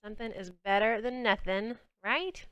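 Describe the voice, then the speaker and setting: Speaking in a lowish, slightly bright voice at a moderate pace, this young Southern US woman sounds clear and resonant as she plays a game on stream and chats bubbly with viewers. The audio is lo-fi with no room sound.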